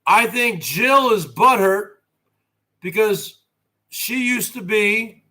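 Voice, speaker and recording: A brash man in his forties, hosting a livestream rant, who swears and swings from a quiet voice to a shout. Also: sits high, animated, slow. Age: 40s. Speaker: host.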